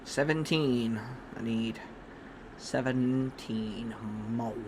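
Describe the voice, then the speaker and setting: A man's voice: mid-range voice, extremely slow, noisy background. A man streaming live, chatting casually and rambling with many restarts and fillers. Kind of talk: casual chat on a livestream.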